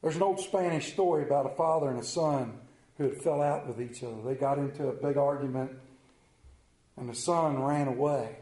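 A man's voice: mid-range voice, moderate pace, warm tone, reverberant, low-quality recording. A middle-aged male pastor preaching a sermon, telling stories with self-mocking humor.

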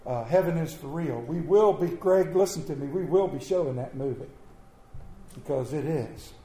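A middle-aged man preaching a sermon to his church, telling stories in a folksy way with sudden loud bursts. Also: on the high side, fairly quick. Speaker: pastor. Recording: echoey church room.

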